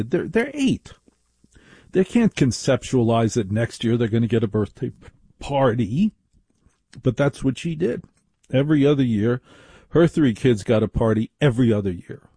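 A man's voice: mid-range voice, animated, moderate pace, dark tone, husky, no echo. A middle-aged man hosting a call-in radio show, telling a story in an emphatic, mock-indignant way into a studio microphone. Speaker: radio talk show host.

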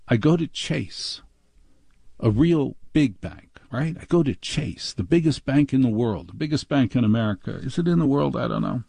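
A middle-aged man hosting a talk show, ranting in an exasperated, mocking way and mimicking staff in a high voice. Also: creaky, darkish tone, slightly rough, no echo, studio quality. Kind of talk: ranting monologue.

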